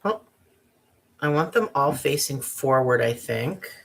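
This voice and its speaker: A woman's voice: very deep voice, lively intonation, takes it slowly, vocal fry, a little hiss or hum. A woman giving a casual crafting tutorial, chatty and bubbly with giggly asides. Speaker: craft vlogger.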